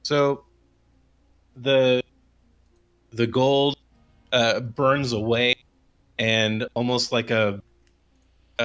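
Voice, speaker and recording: A man running a tabletop game as game master, narrating in a halting way with many restarts. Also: on the low side, fairly bright tone. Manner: halting, restarts while describing.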